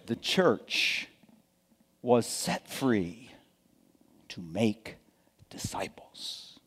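A middle-aged man, a pastor, preaching a sermon with dramatic swings from hushed to loud and folksy asides. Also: on the low side, very animated, extremely slow, husky, in a whisper. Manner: folksy asides and repeated okays. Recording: long hall reverb from a church sanctuary.

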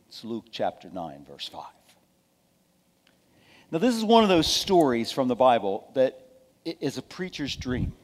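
A man preaching a sermon in a folksy, dramatic way, moving between quiet asides and forceful emphasis, with sarcastic remarks to his listeners. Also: medium pitch, very animated, normal speed, long pauses, long reverb tail.

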